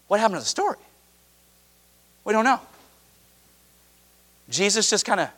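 A man preaching a sermon emphatically, moving between raised shouts and hushed asides. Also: on the high side.

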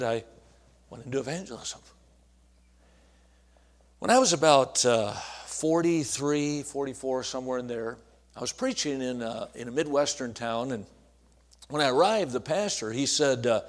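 A man in his sixties, an evangelist, telling a personal story in a folksy, earnest way, with restarts and hushed asides. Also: mid-range voice. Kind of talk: storytelling sermon.

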